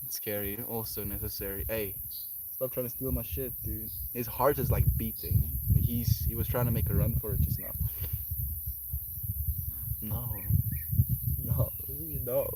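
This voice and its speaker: A man's voice: lowish voice, fairly even intonation, unhurried, far from the mic. A man chatting casually on a livestream, playfully teasing his pet outdoors. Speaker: live streamer. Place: outdoors on grass at night. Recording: loud outdoor cricket noise. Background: crickets.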